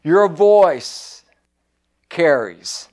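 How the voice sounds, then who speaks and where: A man preaching a sermon with fervent, repetitive exhortation, swinging between loud declarations and low, quiet asides. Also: expressive, drawn-out words.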